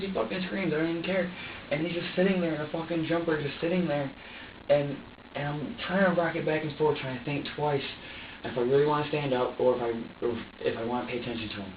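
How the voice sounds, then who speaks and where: A distressed man under police questioning pours out his account in a halting, profane rush, tripping over repeated words and sounding close to tears. He is picked up from across a bare, echoey interview room, dull and slightly muffled. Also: medium pitch, distant mic, slight background noise. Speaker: suspect being questioned. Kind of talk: emotional recounting under questioning.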